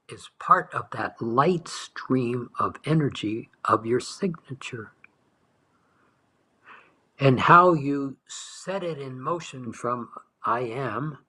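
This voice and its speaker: A man with a husky, breathy voice guides listeners through a meditation-style talk. He speaks gently and unhurriedly, drawing out key words and now and then sinking into a near whisper. His pitch sits in an ordinary middle range. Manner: soft, slow, dwelling on words, dropping to whispers. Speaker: spiritual teacher.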